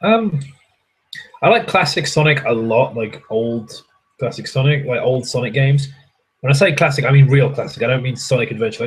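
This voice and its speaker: Young guy, husky and rambling, mid-pitched, swears a lot and answers viewer chat from a hotel room. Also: expressive, normal speed, low-quality recording. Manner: rambling, swears freely, self-mocking. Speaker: livestream host answering chat. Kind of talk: casual chat.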